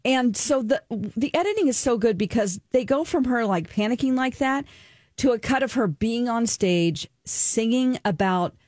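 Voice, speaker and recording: A woman's voice: fairly high pitch, expressive, moderate pace, a little mellow, no room sound. A woman co-hosting a talk radio show, chatting earnestly and openly, talking about her own experience, recorded on a studio microphone. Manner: earnest, emotional and open, sharing personal experience. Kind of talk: casual talk-radio chat, reviewing a documentary.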